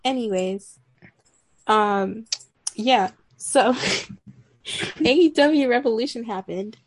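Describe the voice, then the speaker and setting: A woman's voice: fairly high pitch, slow pace, no room sound. A young woman from Houston, co-hosting a podcast in a rambling, profane, chatty way. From Houston, Texas. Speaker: podcast co-host. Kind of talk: casual chat.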